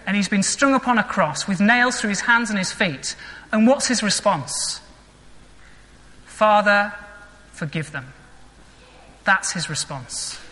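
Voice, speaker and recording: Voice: medium pitch, bright, forceful tone. A vicar preaching a sermon in an earnest, reflective way, asking rhetorical questions. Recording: long echoing church reverb.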